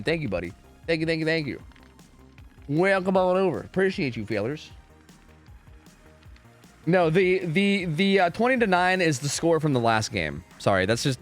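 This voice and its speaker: A young male streamer talks to his chat from a home setup into a desk microphone. His voice sits a bit high and swings widely, and he swears and rants freely. Faint music plays underneath. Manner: profane, animated and ranting, talks to chat. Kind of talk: casual livestream chat.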